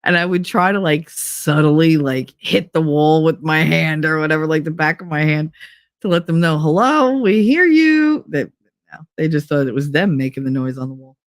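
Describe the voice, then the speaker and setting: A woman's voice: low-pitched, fairly even intonation, moderate pace, no echo. A young adult woman streamer chatting casually while reading quiz questions aloud, blunt, joking and full of profanity. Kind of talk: casual chat reading online quizzes aloud.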